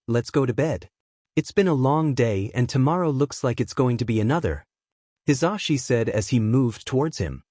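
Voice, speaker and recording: A man narrating a fan fiction story in an even, unhurried reading voice. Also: mid-range voice, no room sound, clean studio sound. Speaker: fanfiction reader. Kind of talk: scripted narration.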